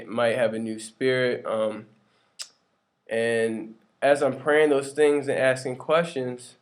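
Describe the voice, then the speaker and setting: A young man who works retail, sharing a personal faith testimony in a casual, earnest way, with lots of ums and likes, and acting out the people he quotes. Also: mid-range voice. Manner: acts out quoted dialogue in shifting voices.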